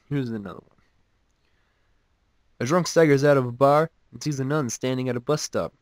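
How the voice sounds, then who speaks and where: A male host casually reads joke after joke in a relaxed, offhand way, undercutting each one with his own dry, mocking remarks. His voice sits at an ordinary mid pitch, and the recording is close and dead with no room sound.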